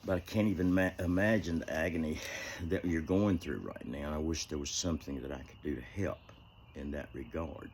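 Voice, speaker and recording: Super deep voiced guy rambling on, heartfelt, lots of you knows, outside. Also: brisk, a little mellow, a little hiss or hum. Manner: rambling, heartfelt, many "you know" fillers. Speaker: vlogger. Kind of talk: casual outdoor vlog talk. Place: outdoors.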